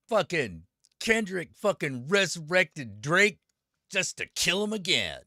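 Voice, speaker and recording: A man's voice: high-pitched, very animated, slow, bright, forceful tone, no room sound, clean studio sound. A man live-streaming and chatting with viewers, ranting with a lot of swearing and greeting people by name. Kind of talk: casual live-stream chat.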